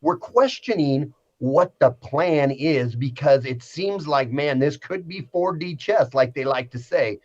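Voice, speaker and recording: A man co-hosting a casual livestream talk show, talking in an animated, indignant way. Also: fairly high pitch, unhurried, few pauses, highs cut off. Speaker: co-host.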